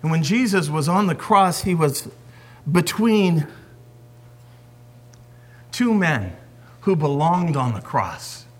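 A man preaching a sermon as a pastor, swinging from forceful emphasis down to hushed whispers. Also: on the high side, lively intonation, slow pace, long pauses.

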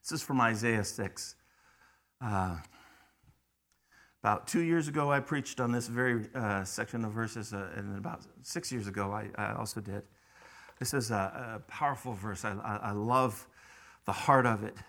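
A man preaching a sermon, shifting between hushed, quiet stretches and loud, emphatic bursts, often repeating words as he starts a phrase. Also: on the low side, normal speed. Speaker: pastor.

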